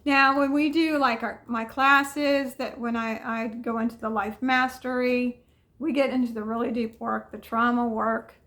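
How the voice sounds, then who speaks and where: Woman, higher-pitched voice, calm coach leading tapping affirmations, repeats soothing phrases. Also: measured pace. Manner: soothing, repetitive guiding affirmations. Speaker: mentor leading a tapping exercise. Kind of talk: guided tapping session.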